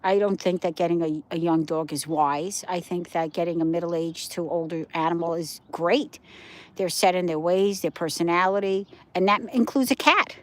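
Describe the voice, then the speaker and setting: A woman's voice: fairly low pitch, steady tone, moderate pace. Older woman, livestream host, rambling casual chat, answering viewer comments, outdoors. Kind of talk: casual live-stream chat.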